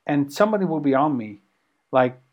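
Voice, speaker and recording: A man co-hosting a podcast in casual conversation, animated and halting, with many ums and restarts. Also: on the high side. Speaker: podcast co-host.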